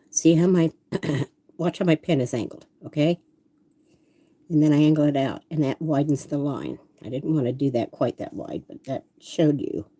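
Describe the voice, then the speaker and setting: Older woman artist with a mellow, husky voice who talks to herself while drawing. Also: low voice, no room sound. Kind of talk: casual drawing demonstration.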